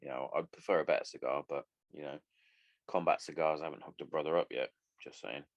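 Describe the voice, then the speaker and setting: A man's voice: very deep voice, fairly even intonation, brisk, dry recording, muffled recording. A man in his thirties hosting a solo podcast, rambling and swearing casually as he chats. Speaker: podcast host.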